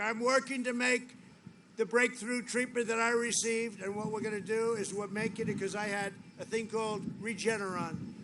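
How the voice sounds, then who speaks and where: A man with a rather high voice gives a rambling, boastful campaign speech, looping back over the same lines again and again. He is recorded outdoors, with loud noise all around him. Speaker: political rally speaker. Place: outdoor rally. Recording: noisy outdoor rally sound.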